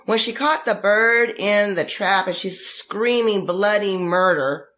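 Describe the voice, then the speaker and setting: A woman co-hosting a podcast, chatting casually and giving opinions with animated retellings. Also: medium pitch, a little slow. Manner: animated, opinionated, acts out quotes in dramatic voices. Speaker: podcast co-host. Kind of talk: casual chat.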